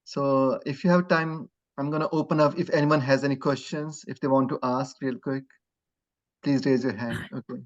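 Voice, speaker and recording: A man hosting an online class, speaking quickly and courteously. His voice sits at a middle pitch. The call audio is dull and lo-fi. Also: fairly even intonation. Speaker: class host. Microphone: online video call.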